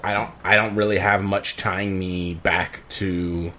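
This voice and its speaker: A man playing a tabletop game, talking in a hesitant, halting way with many restarts. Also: low voice, level tone, pushed and bright, a little hiss or hum. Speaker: player. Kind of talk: casual tabletop play.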